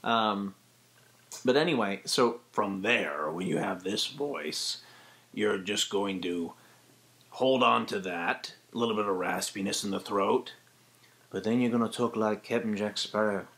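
A man casually teaching a voice acting tutorial, chatty and lively, who breaks into short voice demonstrations as he goes. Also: lowish voice, measured pace.

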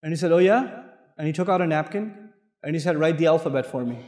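A man's voice: fairly high pitch, fast. A man from Pakistan giving a mosque lecture, telling personal stories and acting out the dialogue while joking with his audience. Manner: animated storyteller who acts out dialogue and jokes with the crowd. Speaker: Islamic lecturer. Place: large mosque hall with audience. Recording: echoey hall with long reverb.

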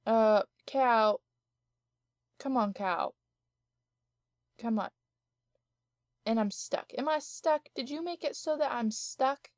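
A woman's voice: on the high side, slow pace, pauses often, no echo, clean studio sound. A young woman giving casual, giggly gameplay commentary from her home office, thinking aloud with lots of ums. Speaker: let's play gamer.

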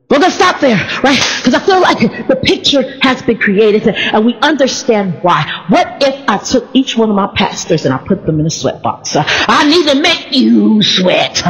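A woman pastor preaching a playful sermon, stalling on p-sounds and calling out to the congregation. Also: mid-range voice. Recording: reverberant hall, dull sound.

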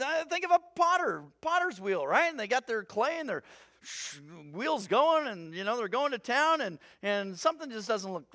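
A man preaching a sermon as pastor, animated and conversational, acting out little voices as he goes. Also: high-pitched, dry recording, studio quality.

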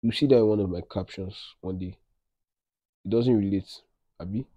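A man's voice: on the low side, normal speed, no room sound, highs cut off. Chatty young Nigerian man vlogging. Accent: Nigerian English. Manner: chatty, self-mocking, rambling. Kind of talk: casual travel vlog chat.

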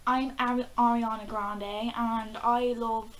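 A woman doing a slow, halting impression of a female pop singer with an attempted American accent. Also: on the high side, little pitch movement. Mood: playful.

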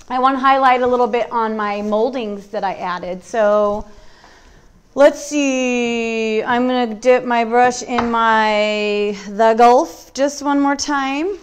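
High, clear-voiced woman teaching painting. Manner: relaxed, chatty, thinking aloud. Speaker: furniture painting instructor. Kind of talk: live-streamed painting demo. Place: warm indoor workshop.

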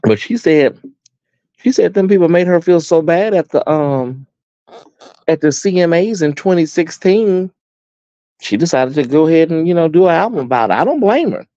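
Sassy chatty American man, lively pitch. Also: moderate pace, no room sound, dull audio. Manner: sassy, chatty, addresses viewers as honey and baby. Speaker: host. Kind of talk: casual live-stream chat.

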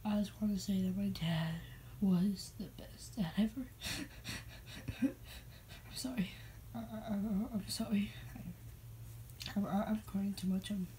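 A woman plays a heartbroken young man who stammers through a eulogy for his father, crying softly and tripping over his words. He talks slowly and hushes to a near whisper, in a homemade puppet show with a faint hiss behind. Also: mid-range voice, fairly even intonation, lightly acted, rough recording. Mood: tearful. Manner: halting, stammering, soft and tearful.

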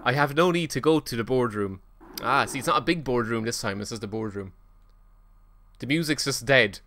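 A man streaming himself playing a video game. He gives casual commentary in an excitable, self-mocking way and swears often. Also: mid-range voice, a little fast, slight background noise. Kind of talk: casual let's-play commentary.

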